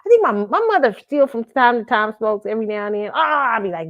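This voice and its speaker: A woman hosting a casual pop culture commentary show, animated and laughing often, swearing freely and acting out her own reactions. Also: on the high side, quick pace, muffled recording. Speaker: host.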